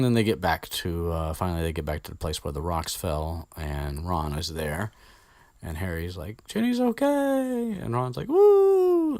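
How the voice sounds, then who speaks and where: Close to the mic with no echo, a deep-voiced man hosts a podcast and casually retells a story, rambling along with swearing and plenty of fillers.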